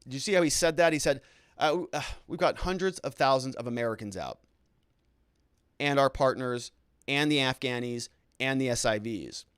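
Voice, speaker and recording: A man's voice: mid-range voice, animated, moderate pace, fairly bright tone, smooth, dry recording, clean studio sound. A man hosting a live-stream show, reading viewer comments aloud and answering them in a chatty, unscripted way with frequent restarts.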